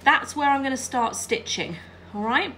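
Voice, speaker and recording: High, bright-toned woman for a chatty sewing tutorial, working at her machine and asking the viewer to follow along. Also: animated, moderate pace, slight background noise. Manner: chatty, checks in with "all right?". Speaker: quilting teacher. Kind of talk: hands-on craft tutorial.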